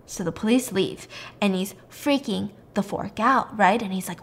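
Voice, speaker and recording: A young woman hosting a podcast, retelling a story in a chatty, animated way with lots of fillers. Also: medium pitch, normal speed. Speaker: podcast host. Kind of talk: casual story recap.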